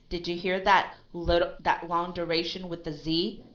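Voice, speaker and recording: A woman's voice: on the low side, measured pace, fairly bright tone, highs cut off. A woman teaching English one-on-one, emphatic and always checking with "right?". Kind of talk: one-on-one language lesson.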